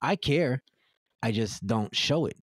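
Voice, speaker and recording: A man's voice: mid-range voice, expressive, takes it slowly, husky, dry recording. Blunt, profane man, dry close mic. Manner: blunt, profane and direct, stuttering restarts. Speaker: podcast guest. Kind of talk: blunt casual chat.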